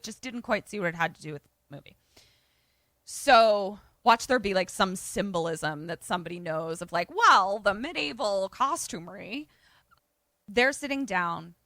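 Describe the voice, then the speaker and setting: This woman's voice is on the low side, captured in a dry recording. As a podcast co-host, she casually recaps a movie, retelling it with animation and acting out what the characters say.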